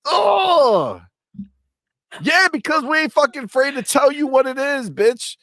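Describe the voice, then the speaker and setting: A man's voice: extremely high pitch, sing-song, measured pace, a bit bright, no room sound. A man co-hosting a gaming podcast in casual, heated banter, swearing freely and talking animatedly.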